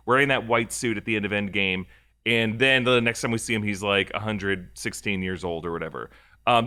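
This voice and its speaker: A man's voice: medium pitch, bright, forceful tone. A man co-hosting a movie rumor show, chatting casually with lots of fillers and restarts. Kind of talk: casual podcast chat.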